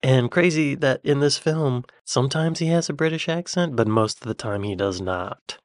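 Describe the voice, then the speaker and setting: American man, reaction video host, casual musing chat, mid pitch, dry close sound. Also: moderate pace, dry recording. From United States. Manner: chatty, musing aloud, drops to near-whispers.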